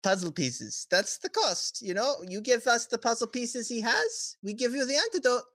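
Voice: mid-range voice, big pitch swings, normal speed, fairly bright tone, no echo, studio quality, voice pushed up. A game master voicing a smug, scheming male merchant who keeps saying "you know" and hates confrontation. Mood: smooth-talking. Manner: glib, wheedling, peppered with "you know".

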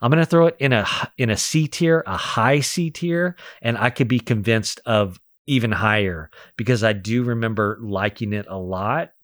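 A man's voice: mid-range voice, normal speed, few pauses, fairly bright tone, no echo, clean studio sound. A man co-hosting a podcast, thinking aloud as he ranks films in a casual chat and laughing easily. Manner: thinking aloud with fillers and restarts, easy laughs. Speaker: podcast co-host. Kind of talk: casual movie-ranking chat.

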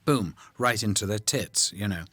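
An older male actor recording a film commentary, telling anecdotes in an animated way and voicing the people he quotes. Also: on the low side, normal speed, breathy edge, no echo. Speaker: actor discussing his film. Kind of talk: commentary track chat.

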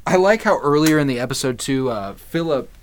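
Animated man recapping a TV episode. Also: mid-range voice, a little fast, a little hiss or hum. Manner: animated, laughs often, swears casually. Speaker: podcast co-host. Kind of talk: casual TV episode recap chat.

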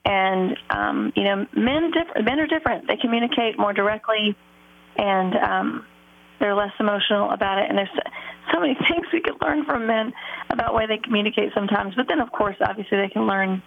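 A woman's voice: medium pitch, a little fast, creaky. A woman guest telling her own story in an earnest, reflective way, speaking about faith with many fillers. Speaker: podcast guest, author and singer. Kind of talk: heartfelt personal storytelling in an interview. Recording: phone-like narrow line.

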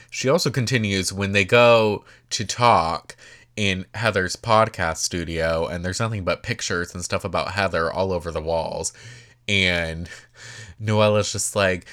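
A man's voice: low-pitched, unhurried, fairly bright tone. A man recapping reality TV in a casual, gossipy chat, swearing freely and filling his talk with "like". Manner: chatty and gossipy, swears freely, many "like" fillers.

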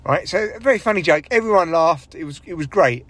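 A young stand-up comedian rambles through a casual solo podcast monologue, swearing and running himself down. His voice is fairly high and bright, he talks fast and animatedly, and his delivery swings wildly when he acts out other people.

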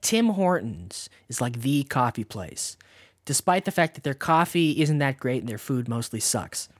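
A podcast co-host in a loose, joking chat. The pitch swings widely from word to word and sits at a middling level. Now and then they stop to explain something for the listeners. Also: big pitch swings, normal speed, no echo, clean studio sound. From Canada. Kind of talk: casual chat.

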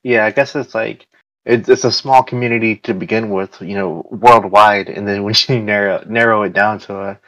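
A man hosts a casual podcast chat. He rambles loosely and fills gaps with filler words. His voice sits fairly low, and the sound is dry. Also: fairly even intonation, normal speed, fairly bright tone, dry recording, lo-fi sound. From United States. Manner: rambling, chatty, many fillers. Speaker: podcast host.

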